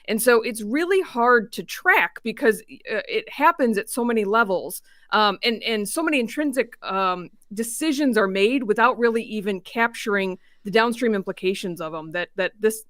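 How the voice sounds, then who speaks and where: A woman on a discussion panel, speaking in a steady mid-range voice. She explains carefully and stacks up examples one after another, and the sound is close and dry. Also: fairly high pitch, moderate pace, few pauses, dry recording. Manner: thoughtful, explains by listing examples. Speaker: guest, healthcare engineering executive.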